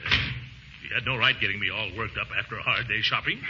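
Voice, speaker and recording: An actor playing a pompous, easily flustered middle-aged uncle, blustering in 1940s radio comedy style, with sudden high whoops. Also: male voice, steady tone, quick pace, natural voice. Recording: scratchy dull 1940s radio broadcast with faint hiss.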